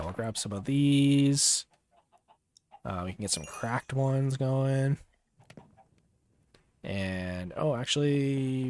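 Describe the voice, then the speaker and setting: A young man talking casually as he plays a game on a livestream, relaxed and rambling with many fillers and pauses. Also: medium pitch, a little hiss or hum. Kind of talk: casual gameplay commentary.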